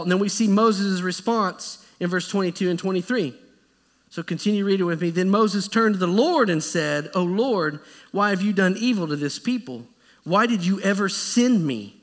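Animated male preacher in a reverberant hall. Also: sits high. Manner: conversational, animated preaching with acted-out quotes. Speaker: pastor. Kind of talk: sermon. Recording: echoey church hall.

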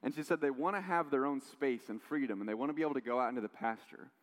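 A man preaching a sermon, telling stories in a lively way with quoted voices and asides. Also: medium pitch, fast talker. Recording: long hall reverb.

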